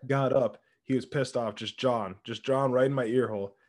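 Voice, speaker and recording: A man's voice: medium pitch, fairly even intonation, fairly quick, darkish tone. A young man co-hosting a podcast, telling stories in a laid-back, casual way. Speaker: podcast co-host. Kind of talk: casual chat.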